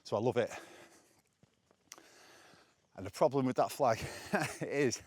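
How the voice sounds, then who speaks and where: A man's voice: mid-range voice, animated, slow, darkish tone, husky. An English man vlogging outdoors while walking up hills, a little out of breath, chatting casually and opinionated from a handheld camera on a stick. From England. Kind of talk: casual walking vlog monologue.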